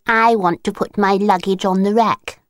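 A woman with a mid-range voice, fairly even intonation, and a moderate pace voices a small, eager girl while reading a storybook aloud. The recording is dry, with clean studio sound, and her voice is close to an everyday one.

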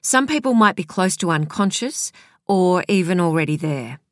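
A woman reading an audiobook, voicing a man who is a doctor, explaining symptoms in a calm, clinical way. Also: sits high, moderate pace, no room sound, clean studio sound. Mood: serious. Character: male doctor boyfriend, calm and serious. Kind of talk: audiobook character voice.

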